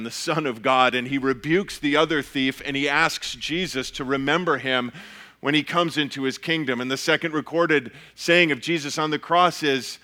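A pastor giving an earnest, measured sermon, often restarting his phrases. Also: on the high side, pushed and bright.

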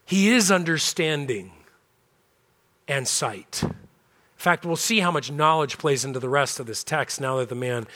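A man pastor delivers a sermon in a slightly raised, bright voice. He talks conversationally and with animation, breaking off into candid asides. His tone is more chat than pulpit oratory. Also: a little high, lively intonation, unhurried.

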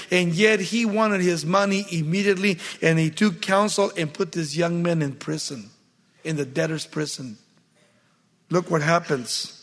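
A man's voice: high voice, fairly bright tone, in a large hall. A man preaching a sermon, reading scripture aloud and then expounding on it with emphatic repetition.

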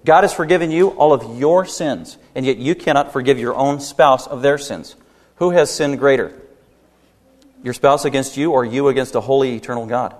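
A man preaching a sermon as pastor, emphatic, rising to loud peaks and dropping low, with rhetorical questions to the congregation. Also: moderate pace. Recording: long hall reverb.

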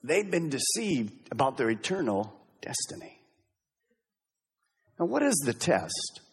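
Emphatic pastor preaching in a reverberant hall. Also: male voice, mid-range voice, big pitch swings, a little slow, slightly rough. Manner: emphatic, swings from loud exhortation to hushed intensity. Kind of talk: sermon. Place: church sanctuary.

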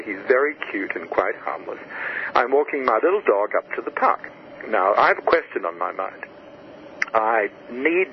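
A man, an author being interviewed, telling stories and teaching by example with lively enthusiasm and frequent restarts. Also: fairly low pitch, dull audio, a little hiss or hum. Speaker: author and guest. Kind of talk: animated storytelling interview answers.

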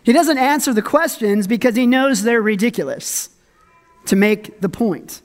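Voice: expressive, normal speed. A pastor preaching a conversational sermon, reading scripture and commenting with humor and frequent laughs. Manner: conversational and humorous, laughs often, dramatic swings in pitch.

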